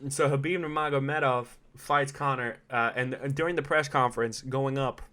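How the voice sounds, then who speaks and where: A man hosting a solo podcast, talking in an animated, swearing, laugh-filled way that swings between loud outbursts and low asides. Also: normal speed, clean tone. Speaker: podcast host.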